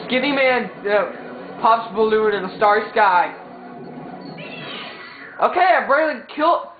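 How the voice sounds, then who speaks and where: A man chats his way through a video game session in rambling, stumbling commentary, often restarting his sentences. The sound is tinny and phone-like, bouncing around an echoey room. Loud game music plays under his voice. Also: high-pitched, animated, a little slow. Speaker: gameplay commentator. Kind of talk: casual gameplay commentary.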